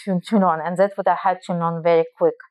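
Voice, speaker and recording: Russian-accented woman in an interview, smooth clean voice, dry sound, lots of restarts as she thinks. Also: on the low side, steady tone, fast talker, a little mellow, no echo. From Belarus. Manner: earnest, thinking aloud with many restarts. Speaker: guest. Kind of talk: casual interview answers.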